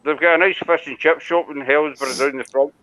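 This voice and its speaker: A man's voice: on the high side, fairly even intonation, a little fast, pushed and bright, no room sound. A man from Scotland with a Scottish accent, chatting casually on a live stream and rambling along with the occasional swear. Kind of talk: casual chat. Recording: tinny phone-like line, dry.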